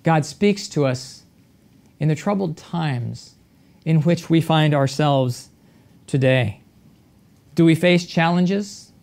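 A pastor preaching a sermon in a measured way, with rhetorical questions and repeated phrases. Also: medium pitch, gravelly, a little mellow.

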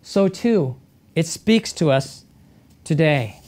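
A pastor preaching a sermon in a measured way, with rhetorical questions and repeated phrases. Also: mid-range voice, expressive, darkish tone.

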